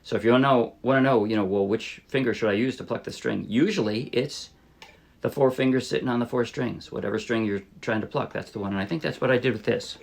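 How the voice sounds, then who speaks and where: A man teaching a ukulele song in a relaxed, casual way, thinking aloud and correcting himself as he plays. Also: medium pitch, quick pace, creaky. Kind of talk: casual instructional talk. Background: ukulele playing.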